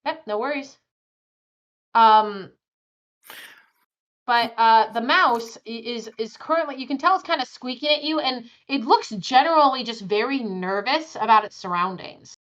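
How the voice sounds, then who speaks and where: A woman's voice: on the high side, a little slow, a bit bright, dull audio. A woman running a tabletop game as game master, narrating with frequent fillers and easy laughter. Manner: laughing easily, filler-heavy.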